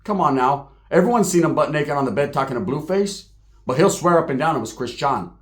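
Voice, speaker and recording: A man's voice: fairly high pitch, lively intonation, brisk. A man hosting his online show, ranting straight at the camera in profane, slangy street talk. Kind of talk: heated direct-to-camera rant.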